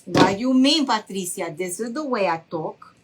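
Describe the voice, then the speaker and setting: A woman's voice: mid-range voice, lively intonation, normal speed, breathy edge. A woman voicing her older mother, a feisty, fun-loving Honduran woman with a strong accent who talks bluntly. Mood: indignant. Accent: Honduran Spanish. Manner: blunt, insistent.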